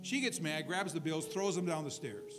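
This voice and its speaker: High-voiced pastor telling a story. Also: male voice, normal speed, over music. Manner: conversational storytelling with asides to the congregation. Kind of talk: sermon. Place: church service.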